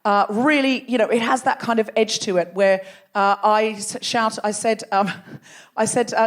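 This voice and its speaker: A woman's voice: medium pitch, fairly quick, few pauses. A woman hosting a live comedy show, bantering playfully and teasing the audience from a theatre stage. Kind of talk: live stand-up crowd work.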